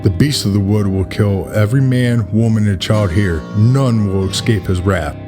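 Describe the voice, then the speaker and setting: Man reading as a sad proud queen, calm and solemn, low voice, music going. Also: moderate pace, natural voice. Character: grieving, dignified middle-aged queen. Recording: clear music behind the voice.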